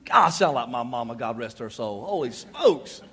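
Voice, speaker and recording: A man's voice: medium pitch, expressive, normal speed, a bit bright, breathy edge. A male pastor in his thirties preaching a sermon in a folksy, conversational way, with joking asides. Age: 30s. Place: church.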